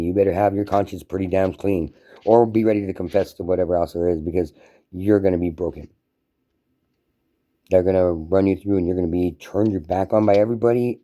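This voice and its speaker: A vlogger delivers a casual, profane rant to camera, emphatic and running on without a break. His voice is low with a dark tone.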